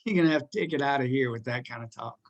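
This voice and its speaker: A man's voice: medium pitch, very fast, gravelly, no room sound, highs cut off. A man playing an offended hardware store clerk in a told joke, in a stiff, disapproving way.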